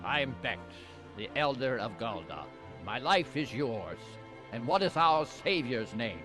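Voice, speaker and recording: A man's voice: mid-range voice, very animated, a little slow. An actor voicing an older male village elder in a dubbed anime, formal and earnest, heard over background music. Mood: grateful.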